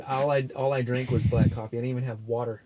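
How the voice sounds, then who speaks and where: Young man, casual rambling chat, mid pitch, faint noise behind, ice fishing shelter. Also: little pitch movement, fast, warm tone. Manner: laid-back, rambling, says "dude" and "like". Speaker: podcast co-host.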